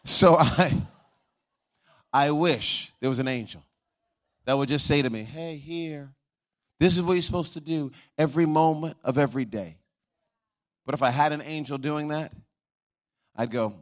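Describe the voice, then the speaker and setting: A man's voice: mid-range voice, unhurried, pauses often. A male pastor giving a sermon with humorous asides, repeating key words, and rising into a sung, chanting preaching cadence.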